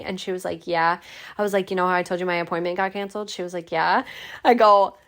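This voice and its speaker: Young woman, podcast host, gravelly fry, loose profane storytelling, heavy "like" fillers. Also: mid-range voice, fairly even intonation, brisk, fairly bright tone. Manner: chatty, swears freely, many "like" fillers, acts out quoted voices. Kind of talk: casual storytelling monologue.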